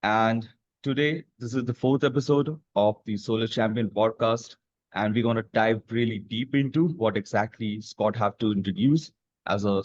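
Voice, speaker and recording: A man's voice: lowish voice, no room sound. A man hosting a podcast interview, eager and repeating his words as he welcomes his guest. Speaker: podcast host. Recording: dry, muffled mic.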